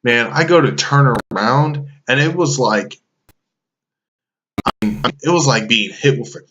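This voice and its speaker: Swearing man with a bright, low voice. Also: slight background noise. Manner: loose, swearing, full of fillers. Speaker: storyteller. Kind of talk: casual profane anecdote.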